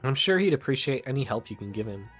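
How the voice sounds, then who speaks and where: A man's voice: mid-range voice, sing-song, fast, a bit bright, soft background music. A man voicing an elderly miserly cartoon duck tycoon, reading the game's lines aloud in a mock-grand voice.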